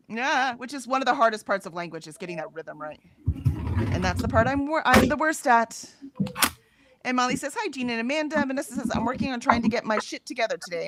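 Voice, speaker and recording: A woman's voice: on the high side, heavy background noise. A woman hosting a casual livestream, reading viewer comments aloud in a chatty way and laughing often. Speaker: livestream host.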